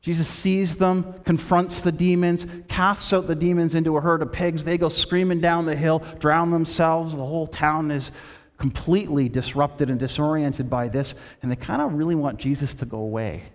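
A man preaching in a big, reverberant hall, his voice sitting a little high for a man. He tells the story with energy and drops to a soft, low tone for the quoted words. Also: steady tone, moderate pace. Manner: storytelling with quoted voices, shifting between loud and hushed. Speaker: pastor. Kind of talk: sermon.

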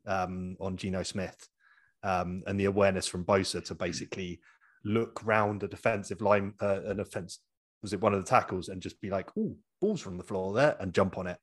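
A man with a low voice recaps a football game in a casual podcast chat. He rambles along at an easy, laid-back pace. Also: flat delivery, fairly quick. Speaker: podcast co-host.

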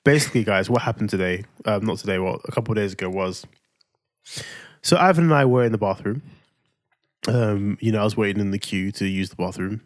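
A man's voice: on the low side, a little fast, no echo, clean studio sound. A man co-hosting a casual podcast chat, telling a family story and playfully acting out his son's lines. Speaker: podcast co-host.

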